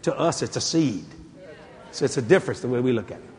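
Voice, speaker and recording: A male preacher giving a sermon, telling stories with acted-out dialogue and breaking into shouts. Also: mid-range voice, quick pace, big-room sound. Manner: animated storytelling, acting out dialogue, jumping to shouts.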